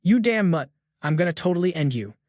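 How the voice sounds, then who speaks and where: A man's voice: fairly high pitch, animated, moderate pace, no echo, studio quality, close to an everyday voice. A man doing a sneering teen bully. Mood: sneering, yelling. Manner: sneering, taunting, yelling. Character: arrogant hot-headed teenage male student bully.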